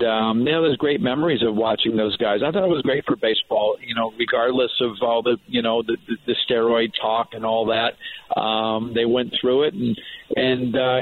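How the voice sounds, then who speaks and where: A man, a baseball coach, talking casually on a radio show, rambling with many restarts and fillers. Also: medium pitch. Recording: tinny phone line with faint noise.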